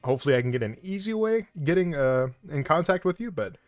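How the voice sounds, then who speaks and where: A man's voice: on the high side, animated, quick pace, no echo, faint music behind. A man co-hosting a live tabletop game stream, chatting casually and joking between giveaway announcements. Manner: jokey, laughs often, slips into a hyped wrestling-announcer voice. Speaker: co-host running a giveaway. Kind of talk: casual livestream chat.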